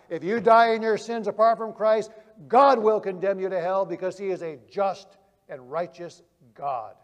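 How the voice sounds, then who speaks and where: Guy preaching, storytelling with big loud-soft swings, high voice, lots of hall reverb. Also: normal speed, muffled recording. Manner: vivid storytelling with swings from loud emphasis to quiet. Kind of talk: sermon.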